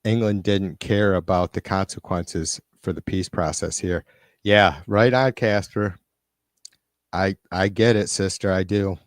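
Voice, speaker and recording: A man hosting a live stream reads viewer comments aloud and rants with irritation and frequent profanity, speaking into a computer mic. His voice is low with fairly even intonation and a measured pace, and the recording is dry and studio quality.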